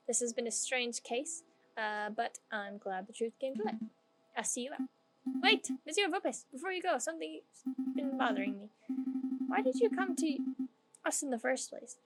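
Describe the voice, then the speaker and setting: A woman's voice: fairly high pitch, poor audio. A woman streaming a game, reading the characters' lines aloud in playful put-on voices and joking between them. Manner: joking asides.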